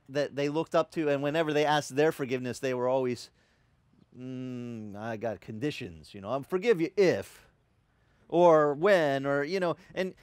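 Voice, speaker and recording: A man preaching a sermon as pastor, telling stories and acting out quotes with animated energy. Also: a little high, no echo. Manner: animated storytelling with acted-out quotes. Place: church.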